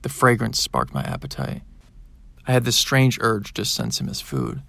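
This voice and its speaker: A man narrating a science-fiction audiobook in the first person, in a plain, even storytelling manner. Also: on the low side, normal speed, creaky, no room sound.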